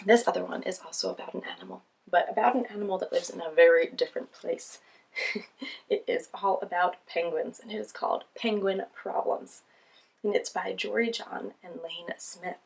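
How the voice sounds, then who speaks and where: A woman's voice: mid-range voice, steady tone, moderate pace, creaky, slightly rough. A woman hosting a children's show, reading picture books aloud in a cheerful, sing-song way with frequent laughs.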